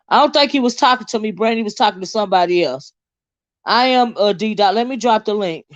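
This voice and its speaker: A woman's voice: on the high side, dry recording, highs cut off. A woman hosting a livestream in casual chat, fired up, blunt and profane, often stumbling over repeated words. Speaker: livestream host.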